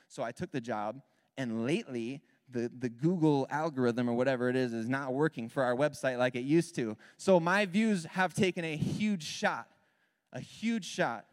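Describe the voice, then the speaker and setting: A man in his thirties, a worship leader telling a candid, animated personal story as part of a sermon. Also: medium pitch, normal speed. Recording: long hall reverb.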